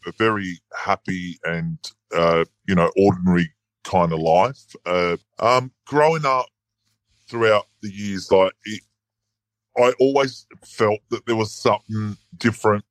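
A man in his forties from Sydney with an Australian accent, speaking as a podcast guest in a hesitant, halting way. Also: sits low, no echo. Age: 40s. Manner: hesitant, halting, with repeated starts. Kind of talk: casual interview chat.

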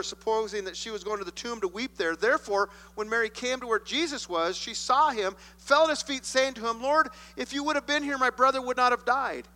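A man delivers a sermon in a high, bright voice, reading scripture and acting out the people he quotes. His voice rings out with a long reverb from the hall around him. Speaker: pastor. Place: church sanctuary.

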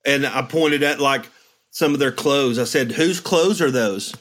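A man's voice: medium pitch, unhurried, fairly bright tone. A middle-aged man in casual chat, reflectively telling stories and acting out quotes. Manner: reflective, storytelling with acted-out quotes. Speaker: podcast host.

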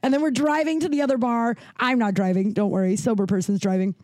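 Mellow-voiced woman telling a candid story. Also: steady tone, quick pace, no room sound. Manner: candid, swears freely, acts out quoted dialogue with big pitch jumps. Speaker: podcast host. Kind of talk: casual storytelling.

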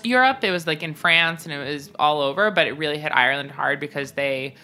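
A woman's voice: sits low, a little fast, bright, forceful tone. A woman co-hosting a podcast, chatting casually and jokily, rambling with fillers. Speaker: podcast co-host. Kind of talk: casual chat.

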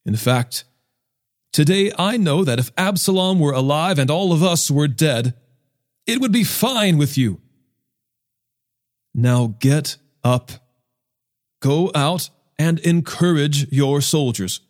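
A man reading the part of a stern, blunt army commander rebuking his king in a forceful, reproachful tone. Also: on the high side, expressive, slow, pauses often.

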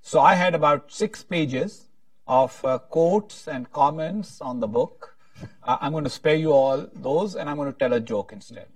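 Man moderating a panel, halting delivery, heard from a distance, dry sound. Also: on the high side, no room sound. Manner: halting, many restarts, tells a joke with voices.

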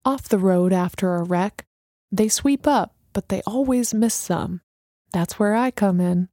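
A woman voicing a calm, gentle older street woman with a spiritual gift, speaking softly. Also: medium pitch, a little slow, no echo, clean studio sound, lightly acted. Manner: calm, soft-spoken.

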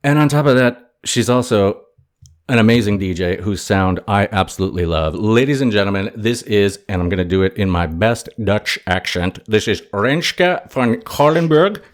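A man's voice: fairly low pitch, normal speed. Jokey, upbeat male podcast host. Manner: jokey, upbeat, self-mocking. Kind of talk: casual interview chat. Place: home in a city.

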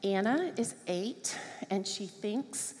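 A middle-aged woman preaching, telling a personal story in an animated way and acting out children's voices. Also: medium pitch, slow. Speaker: speaker at a church service. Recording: long hall reverb.

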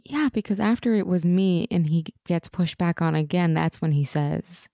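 Mellow-voiced woman recapping a TV episode. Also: on the low side, moderate pace, no room sound, clean studio sound. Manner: animated retelling, acts out quoted lines, laughs often. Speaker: podcast co-host. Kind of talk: casual TV recap chat.

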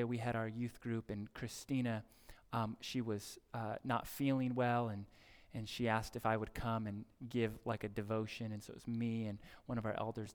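Earnest male pastor, long church reverb. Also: medium pitch. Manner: earnest, exhorting, builds to excited emphasis. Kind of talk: sermon. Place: church sanctuary during a service.

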